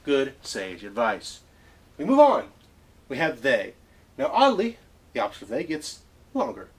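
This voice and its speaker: A man's voice: mid-range voice, huge pitch swings, measured pace, husky. A man hosting a comedic mock lesson, playing a professor in a theatrical, lecturing way.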